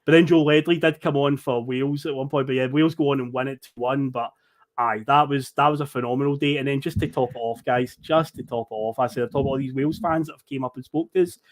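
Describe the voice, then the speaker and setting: Fast-talking man telling a story. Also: mid-range voice. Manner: animated storyteller who acts out quoted people, swears casually. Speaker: podcast co-host telling a travel story. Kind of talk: casual podcast chat.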